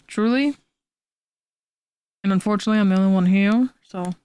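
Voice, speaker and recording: Her mid-range voice is dark yet clean, with no echo, moving at a moderate pace. A young woman streaming her drawing from home, she chats casually, rambles, makes self-deprecating jokes, and talks to her cat.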